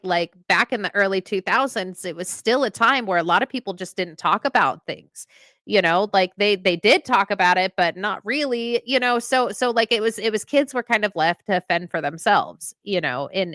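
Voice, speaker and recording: A woman in her thirties, a podcast co-host and veteran, talking in a heartfelt, halting way and reading a poem. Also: mid-range voice, a bit bright, no echo. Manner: emotional, halting with restarts.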